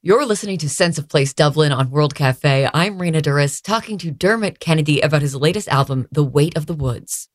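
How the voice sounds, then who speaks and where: A woman's voice: low voice, brisk, few pauses, no echo, studio quality. A woman hosting a music radio show, introducing a segment in a polished broadcast delivery. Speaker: radio host.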